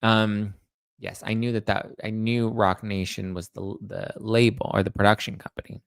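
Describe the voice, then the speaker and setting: A man's voice: lowish voice, level tone, moderate pace, vocal fry, smooth, dry recording. A man hosting a celebrity gossip show, chatting casually in a rambling way and reading out viewer comments. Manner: rambling, chatty, restarts and self-corrects. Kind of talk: casual chat.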